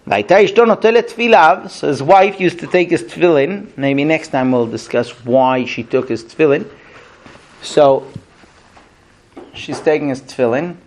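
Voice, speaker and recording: A man's voice: on the high side, brisk. A man teaching a Talmud class to students, telling a story animatedly and acting out the quotes. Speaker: Torah teacher.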